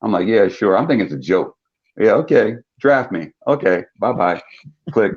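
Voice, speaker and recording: An older man from South Jersey tells a long anecdote as a talk-show guest, acting out every voice in it. His voice sits on the low side yet leaps high with each quote. The recording sounds dull and lo-fi. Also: normal speed, breathy edge. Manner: animated storyteller, acts out quoted voices with big pitch jumps. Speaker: guest, former pro football player. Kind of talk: storytelling in a talk-show interview.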